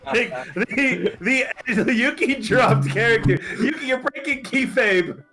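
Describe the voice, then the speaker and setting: A man's voice: very high voice, takes it slowly. A man joking with fellow players during a murder mystery party game. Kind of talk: joking game chat over voice chat.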